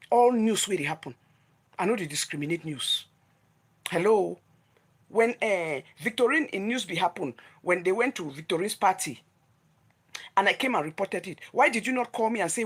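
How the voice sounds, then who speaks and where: Nigerian woman, husky breathy voice, middling pitch, scolding vlogger rant, confrontational and repetitive. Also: expressive, moderate pace. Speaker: vlogger running a gossip news channel. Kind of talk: heated scolding rant to camera.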